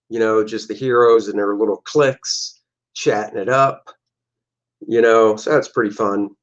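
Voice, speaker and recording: A man in a middle pitch talks casually through his old comic art on a livestream, joking and acting out his characters' lines in quick bits. The audio sounds a little dull and lo-fi. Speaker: comic book artist.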